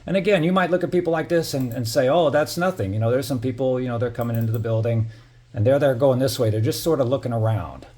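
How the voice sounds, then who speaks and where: A man's voice: medium pitch, fast talker, warm tone. A middle-aged man telling a story in a casual vlog, heated and profane, full of "you know" fillers. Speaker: building resident narrating security footage.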